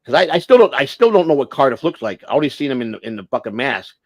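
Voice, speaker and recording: Brief: American man hosting a livestream, lively pitch, dry close sound, profane and rambling. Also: fast talker, no room sound. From United States. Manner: rambling, blunt, swears freely, stumbles and restarts. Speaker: livestream host. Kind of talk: casual livestream chat.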